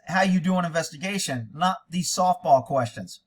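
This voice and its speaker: A man's voice: high voice, normal speed, few pauses, a bit bright. A man reads a document aloud and breaks in with blunt, sarcastic, indignant commentary. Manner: blunt and profane. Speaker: online commentator. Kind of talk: reading a document aloud with reactions.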